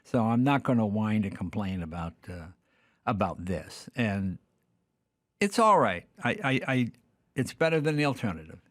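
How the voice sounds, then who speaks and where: Older man, podcast guest, animated swooping delivery, dry close mic, casual anecdotes. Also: on the low side, normal speed, dry recording. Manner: acts out the dialogue in lively voices. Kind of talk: casual storytelling.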